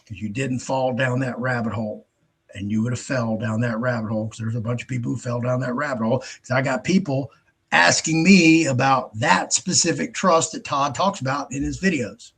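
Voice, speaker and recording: A male host rants in a blunt, profane, exasperated way, tripping over restarts as he goes. His voice is husky and sits at an ordinary male pitch. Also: a bit bright. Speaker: show host. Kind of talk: ranting monologue.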